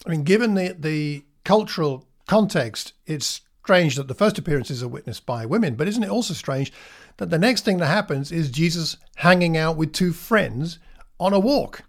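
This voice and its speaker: A man preaching a sermon in a reflective, conversational way, with slow, emphatic pauses. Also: fairly high pitch, expressive.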